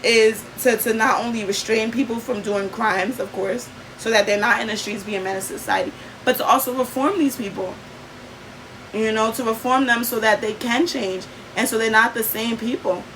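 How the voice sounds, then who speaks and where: A woman's voice: on the high side, fairly even intonation, normal speed, a bit bright, slight background noise, rough recording. A young adult woman vlogging, telling a personal story in an earnest, emphatic way, with lots of fillers.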